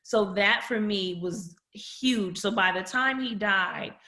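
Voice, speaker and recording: Speaking slowly in a mid-range voice that's pushed and bright, a woman guest on a podcast relates a personal family story with candor and emotion. She often quotes people in her own voice, and the recording is reverberant.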